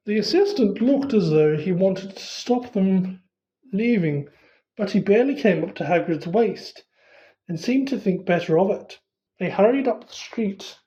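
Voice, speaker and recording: Storybook narrator, does character voices, mellow tone, muffled lo-fi sound. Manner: shifts pitch for quoted characters. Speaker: audiobook reader.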